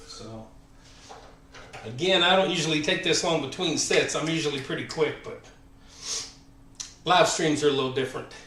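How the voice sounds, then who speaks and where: A man's voice: on the high side, normal speed, long pauses, slight background noise. A man in his forties with a Southern American accent, chatting casually on a fitness live stream between workout sets, rambling with lots of fillers and sounding a bit winded. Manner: rambling, filler-heavy, friendly shout-outs. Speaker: fitness channel host. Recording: echoey room, voice far from the mic.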